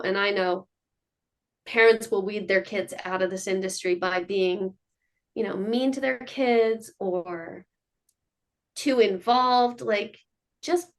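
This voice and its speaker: A middle-aged woman, a mother of child performers, telling stories in a casual interview and acting out what people said. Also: medium pitch. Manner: animated storyteller who acts out quotes.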